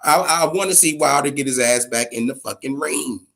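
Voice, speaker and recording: A man's voice: medium pitch, normal speed, creaky, a bit bright. A man hosting a boxing podcast, giving casual, opinionated commentary full of swearing and repeated emphasis. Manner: profane, emphatic, repeats himself.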